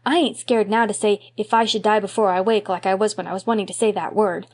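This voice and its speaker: A woman's voice: mid-range voice, fast, lightly acted. A woman reading an audiobook, voicing an eager, mischievous little boy in a raised, childlike voice. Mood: earnest. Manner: excitable, pleading, childlike.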